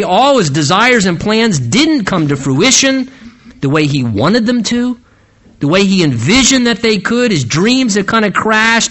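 A man's voice: high-pitched, sharp tone. A man preaching an expository sermon, retelling the story dramatically and asking the listeners rhetorical questions.

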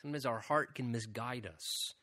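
A man's voice: mid-range voice, normal speed, bright, forceful tone. A man preaching a sermon as a pastor, speaking earnestly and often repeating "again" and asking "right?".

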